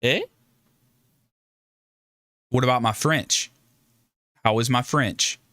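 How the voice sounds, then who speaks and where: The livestream host's voice is mid-range, bright and forceful, and he takes his time. He chats with viewers in a joking, rambling manner, often cutting himself off and starting over. The studio sound is clean, without echo.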